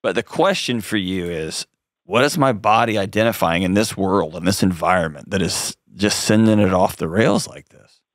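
A man's voice: low-pitched, normal speed, dry recording, clean studio sound. A man hosting a call-in advice show, coaching a caller in an earnest, direct way with frequent restarts.

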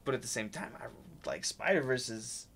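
A man co-hosting a comics podcast in casual chat, animated and swearing often, sometimes acting out lines loudly. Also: medium pitch, fairly quick, creaky. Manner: animated, swears a lot, acts out quotes loudly. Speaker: podcast host.

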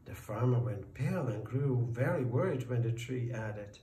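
A man narrating a folk tale in a slow, deliberate storytelling voice. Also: lowish voice, lively intonation, dark tone. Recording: roomy, distant, faint background noise.

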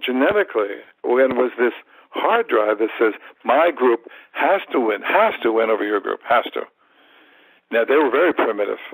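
A man in his seventies, a martial arts teacher, telling stories in an animated way in a podcast interview. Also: medium pitch, breathy edge, dry recording, rough recording. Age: 70s. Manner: animated storyteller, acts out quoted thoughts, repeats words.

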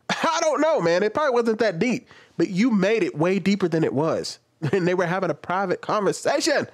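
Lively higher-pitched man reacting to clips. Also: normal speed. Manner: animated, laughing, acts out retorts in a low mock voice. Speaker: reaction commentator. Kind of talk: casual reaction commentary.

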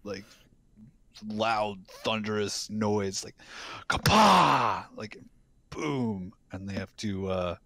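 A man with a lowish voice plays a tabletop game, describing his turn in halting bits as he hunts for the right words. The sound is dry, with no room echo. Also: flat delivery. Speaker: player. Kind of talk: casual tabletop play.

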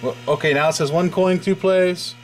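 A high-pitched man with fairly even intonation talks at normal speed, a faint hiss or hum in the audio. He's hosting a relaxed arcade repair video in his messy home garage, full of rambling asides, self-interruptions, and chuckles.

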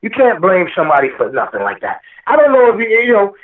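Over an echoey, distant phone line, a rapper guest gives a heated, preachy interview, quoting scripture and repeating himself for emphasis. His voice is high, with huge pitch swings, and he talks quickly.

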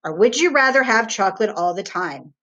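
A woman's voice: medium pitch, animated, brisk, fairly bright tone. A woman voicing a stern middle-aged father who reasons firmly with his son. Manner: firm, reasoning, lecturing.

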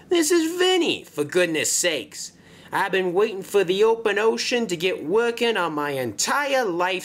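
A man's voice: high voice, fairly bright tone, pitched above the performer's own voice, full character voice. A man voicing a boastful, endlessly talkative male ship in a homemade toy-train story, speaking in broken grammar. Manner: talkative, indignant, ungrammatical.

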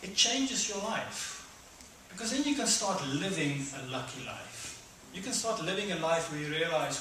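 A middle-aged man preaching a conversational sermon, acting out voices with sudden loud high bursts. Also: expressive, moderate pace, recorded from a distance, slight background noise. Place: church hall. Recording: echoey hall, speaker away from mic.

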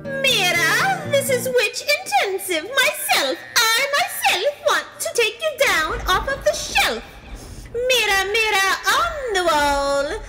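A woman voicing a vain, jealous witch queen who demands to be called the fairest, shrill and dramatic in an acted rap song. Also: very animated, takes it slowly, music in the background, heavily acted. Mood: pleading.

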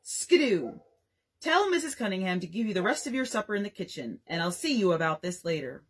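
A woman's voice: mid-range voice, sing-song, a little fast, husky. A woman voicing a stern, proud father of twelve in a storybook, firm and commanding. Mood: roaring.

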